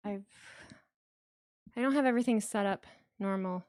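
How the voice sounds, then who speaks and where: A woman's voice: a little high, normal speed, pauses often, no echo. A woman hosting a live wrestling watch party, reading super chats and apologizing a lot, tripping over her words and swearing casually.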